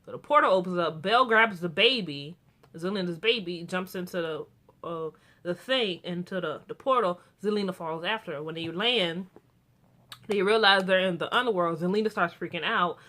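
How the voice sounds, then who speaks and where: Chatty woman with a bright voice. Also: on the low side, normal speed. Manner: rambling, chatty, with frequent restarts and fillers; gets excited and animated about the characters. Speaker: TV show reviewer. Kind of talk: casual episode recap review.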